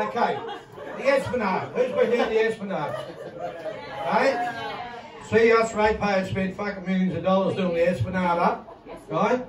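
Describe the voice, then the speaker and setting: Australian man, high-pitched voice, stand-up comedian, crude and rambling, roomy live sound from a distance. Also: moderate pace, pauses often. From Victoria, Australia. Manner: crude, rambling, heavy swearing, laughs at own jokes. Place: casino comedy room with live audience. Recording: roomy live recording from a distance, loud crowd.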